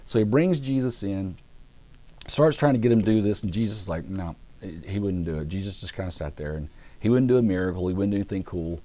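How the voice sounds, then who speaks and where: A man, a pastor, teaching a Bible passage in a relaxed, conversational way, acting out the figures as he goes. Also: sits low, fast talker. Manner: conversational storytelling with acted-out voices; relaxed, with fillers and restarts.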